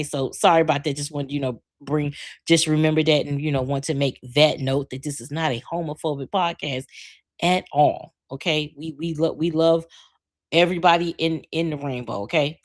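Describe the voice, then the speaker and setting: A woman in her forties hosting a live podcast, ranting bluntly with lots of swearing while reacting to viewer comments. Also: sits low. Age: 40s. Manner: blunt, profane, animated rant. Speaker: podcast host. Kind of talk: casual live-stream talk, reading viewer comments.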